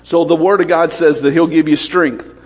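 Man, preacher, lively sermon, rapid questions to the congregation, somewhat high voice, echoing church hall. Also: slightly rough.

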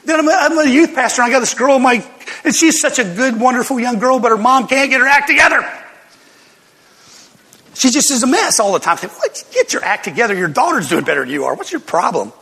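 A folksy older male pastor, storytelling from the pulpit in a high, bright voice with a husky edge. His words ring out through a big hall with long reverb. He flares up into loud bursts when a story heats up. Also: quick pace. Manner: folksy, animated storytelling with sudden loud outbursts and laughs. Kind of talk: sermon storytelling.

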